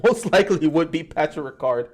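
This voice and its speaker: Animated man streaming football talk. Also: fairly high pitch, fairly quick. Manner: animated, greets chat viewers. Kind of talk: live-stream sports talk.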